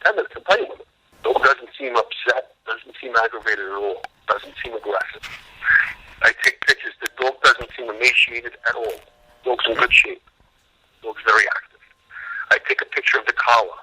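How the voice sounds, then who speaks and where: A man's voice: mid-range voice, moderate pace, sharp tone, husky, low-quality recording. A man being interviewed as an animal rescue worker, telling stories emphatically and acting out both sides of conversations. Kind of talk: interview, storytelling.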